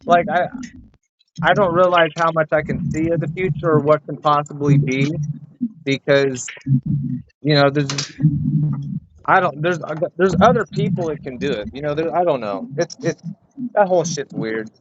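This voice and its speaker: A man talking as a podcast guest in casual chat, halting with many restarts and swearing freely. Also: on the high side. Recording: dull lo-fi audio with faint noise.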